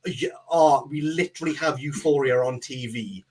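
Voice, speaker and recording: A man's voice: mid-range voice, normal speed. A man on a podcast, telling a rambling comic story and acting out the people in it. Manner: animated, rambling, acts out quoted voices. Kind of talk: casual chat, comic storytelling.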